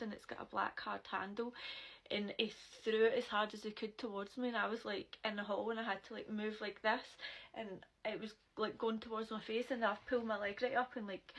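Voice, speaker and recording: A young woman with a Glasgow accent, telling a story straight to camera in casual speech, full of fillers and swearing, and loud when she quotes herself. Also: medium pitch, vocal fry, poor audio. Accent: Scottish, Glasgow. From Scotland.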